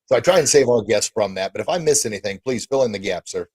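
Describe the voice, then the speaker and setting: A man hosting a podcast interview, energetic and encouraging, often repeating words as he goes. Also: on the low side, fast, husky, no echo. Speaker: podcast host.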